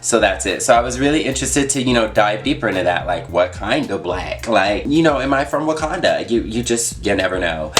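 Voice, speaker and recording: A man's voice: on the low side, lively intonation, brisk, few pauses, soft background music. A young man talking casually on his vlog, chatty and full of fillers and asides. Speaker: YouTuber.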